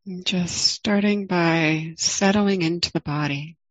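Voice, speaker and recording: A middle-aged woman leading a guided meditation, speaking calmly and gently with long pauses. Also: on the low side, dry recording, poor audio. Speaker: meditation teacher.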